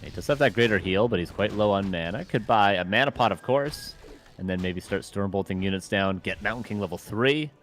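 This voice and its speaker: A man giving analytical, measured live commentary on a strategy game match. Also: fairly low pitch, fairly bright tone. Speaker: esports commentator.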